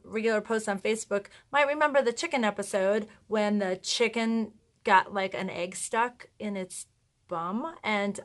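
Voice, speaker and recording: Chatty mom vlogger, voice a bit on the high side, laughing at herself a lot. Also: female voice, fairly bright tone. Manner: chatty, laughing, self-mocking asides. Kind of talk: casual storytelling to camera.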